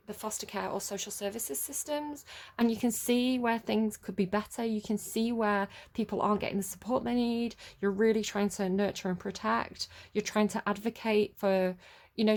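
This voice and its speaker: A woman with a standard southern English accent talks through a tarot reading. She rambles, restarts her sentences and fills the gaps with "um" and "like". Her pitch sits in the middle of the usual range for a woman. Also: darkish tone. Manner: rambling, many fillers and restarts, laughs at herself. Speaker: tarot reader. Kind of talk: casual spoken tarot reading.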